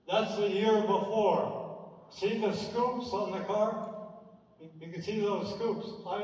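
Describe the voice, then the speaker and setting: An older man with a fairly high voice tells stories in a relaxed, chatty way as he clicks through old photos. He sounds distant from the mic, and his voice rings around a large echoing theater with a long reverb tail. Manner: chatty, anecdotal, with dry asides. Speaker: speaker presenting a slideshow. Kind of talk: casual reminiscing talk over slides. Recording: echoey hall, distant from mic.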